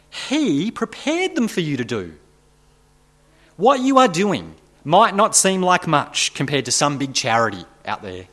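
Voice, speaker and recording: A man preaching an earnest sermon, his pitch sitting a little high and swinging widely as he builds toward emphatic, rising peaks. He repeats key phrases for effect and then drops back to a quieter, more personal tone.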